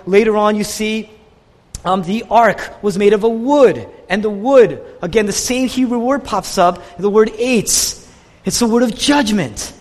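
In a large hall, a man preaches a sermon with an impassioned delivery that swings from quiet to raised. His voice is high-pitched and husky.

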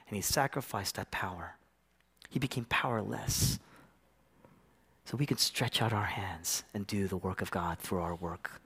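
A male pastor preaching a sermon, swinging from hushed, whispered lines up to loud, impassioned climaxes. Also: on the low side, moderate pace, long pauses, husky. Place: church.

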